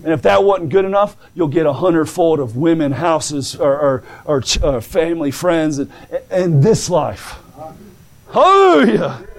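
A male preacher delivering a fervent sermon, stammering and restarting, rising to shouts. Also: fairly high pitch, normal speed.

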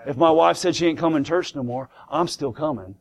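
A man's voice: on the high side, brisk, gravelly. A man preaching a sermon to a congregation in church, emphatic, asking rhetorical questions and repeating key words.

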